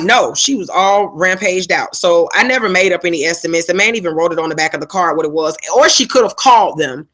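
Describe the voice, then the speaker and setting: Telling a story on her livestream, a woman with a medium-pitched, slightly bright voice keeps things chatty and full of slang, pausing to respond to viewers. She's using a phone and laptop setup.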